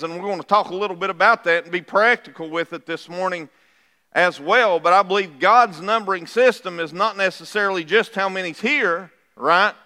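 A man's voice: high-pitched, pushed and bright. A middle-aged man, preaching a sermon to his church in a folksy, conversational way and asking the congregation questions as he goes. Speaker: pastor. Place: church sanctuary. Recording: reverberant church hall.

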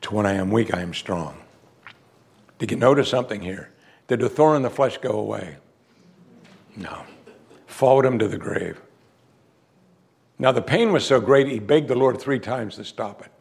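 A man's voice: lowish voice, moderate pace, gravelly, pauses often, darkish tone. A man preaching a sermon who reads scripture aloud and presses his listeners with emphatic rhetorical questions.

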